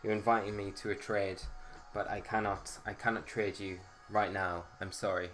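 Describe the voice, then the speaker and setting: A man's voice: lowish voice, little pitch movement, normal speed, fairly bright tone, soft background music. A man hosting a casual live stream, chatting and greeting viewers by name.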